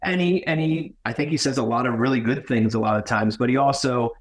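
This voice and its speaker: A man talking as a podcast guest, earnest and halting, often restarting his sentences. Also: mid-range voice. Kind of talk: conversational podcast talk.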